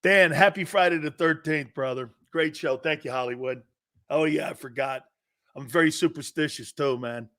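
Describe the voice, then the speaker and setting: A middle-aged man hosting a sports talk show, telling stories in a lively casual way and slipping into quick mob-movie impressions. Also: fairly high pitch. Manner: animated storytelling, quick mob-movie impressions, laughs often. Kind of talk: casual chat.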